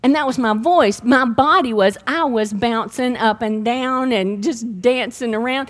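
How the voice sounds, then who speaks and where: A middle-aged woman, preaching a sermon and telling her own healing testimony in a lively storytelling way. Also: on the high side, unhurried, few pauses.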